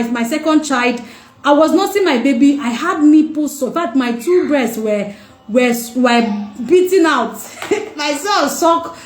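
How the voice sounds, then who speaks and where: A woman's voice: high-pitched, darkish tone. A mother sharing her personal testimony, speaking with emotion and repeating phrases for emphasis. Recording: echoey room.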